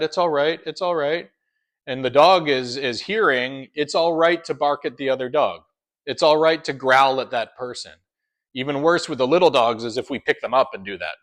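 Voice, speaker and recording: A man's voice: medium pitch, fairly bright tone. A man who trains dogs, explaining his methods in an instructional talk and often checking in with "right?". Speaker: dog trainer.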